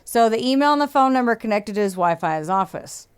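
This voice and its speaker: A woman's voice: medium pitch, expressive, quick pace, clear, resonant tone. A woman hosting a podcast, telling a true-crime story in a casual, swearing, chatty way and acting out what people said. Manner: swears freely, acts out quotes, laughs often. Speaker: podcast host.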